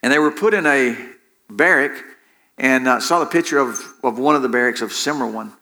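Bright and forceful, a man's medium-pitched voice moves fairly quickly through a sermon. He keeps restarting phrases and repeating himself while drawing the congregation into call-and-response.

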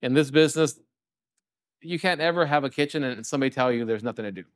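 A man's voice: mid-range voice, quick pace, dry recording, studio quality. A man, a chef and restaurant co-owner from California, telling stories in a casual interview, full of "you know" fillers. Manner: rambling, fillers like "you know", acts out quotes.

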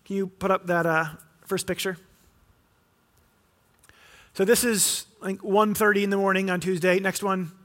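Guy preaching, tells stories and does the voices, pretty high pitched. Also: flat delivery, moderate pace, long pauses, fairly bright tone. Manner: storytelling, acting out quotes with rising pitch. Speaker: pastor. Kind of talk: sermon.

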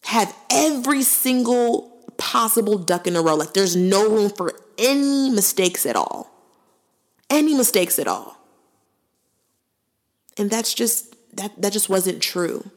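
A woman's voice: medium pitch, sing-song, unhurried. Earnest young woman podcaster. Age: 20s. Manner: earnest, conversational, preacherly asides. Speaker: podcast host. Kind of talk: faith-based podcast monologue.

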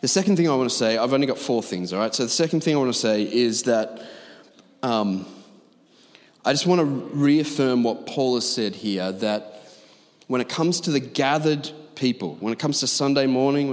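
Pastor, male, mid-range voice, emphatic conversational sermon, big reverberant auditorium. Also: medium pitch. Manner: emphatic, conversational preaching with asides. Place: large church auditorium. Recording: long reverb of a large hall.

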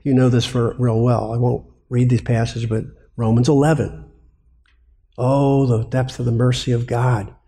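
A man preaches a lively sermon on biblical counseling, repeatedly asking rhetorical questions and answering them himself. He speaks at a medium pitch and a moderate pace.

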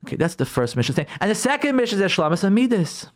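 A man's voice: high-pitched, very animated, fast. A man, a rabbi, giving an emphatic radio talk on Jewish law and marriage, repeating key words and acting out his listeners' objections.

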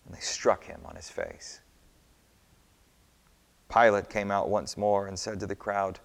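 A man narrating a scripture story in a measured, expressive reading. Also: lowish voice, creaky. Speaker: scripture reader. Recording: long hall reverb.

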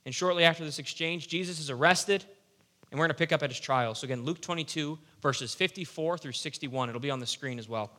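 A young man delivers an animated, conversational sermon. His voice sits a touch high and sounds bright and forceful. He drops in playful asides as he teaches. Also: fairly quick. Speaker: youth pastor.

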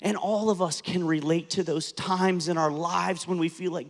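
A man's voice: high-pitched, fairly even intonation, normal speed, few pauses. A pastor in his fifties, born and raised in the United States, preaching an earnest sermon that rises to impassioned intensity. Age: 50s. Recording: long hall reverb.

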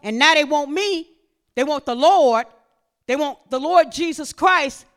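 A woman preaching, swinging from quiet talk to shouted exhortation. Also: unhurried. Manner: impassioned, rising to shouts then dropping low.

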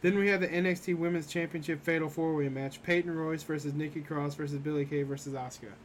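A man's voice: a little high, fairly even intonation, fast, slight background noise. A young man hosting a casual podcast, recapping matches in a rambling way full of fillers. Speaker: podcast host recapping wrestling. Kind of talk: casual chat.

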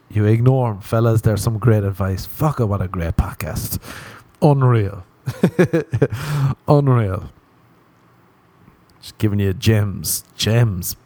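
A man's voice: on the low side, takes it slowly, long pauses, darkish tone. A man hosting a podcast, rambling through a crude comic monologue, mocking himself and laughing at his own jokes. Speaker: podcast host.

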